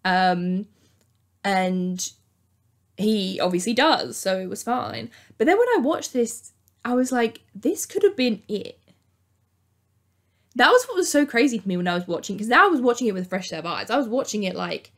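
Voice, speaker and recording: A woman's voice: a little high, moderate pace. Chatty woman recapping a TV show. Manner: chatty and animated, acts out quotes. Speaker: YouTube host. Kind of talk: casual recap commentary.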